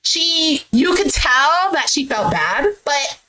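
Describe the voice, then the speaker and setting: A woman recapping a dating show episode in a casual, animated way, quoting the cast as she retells each scene. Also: high voice, slow pace, rough recording. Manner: retells scenes animatedly, acting out quotes with "he's like". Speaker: recap vlogger. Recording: faint background noise.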